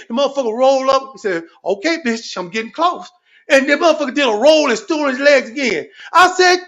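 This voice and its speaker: This profane storytelling rant comes from a man on a livestream whose voice is unusually high-pitched. Animated and repetitive, he tells comic stories and rants, with swearing in almost every sentence.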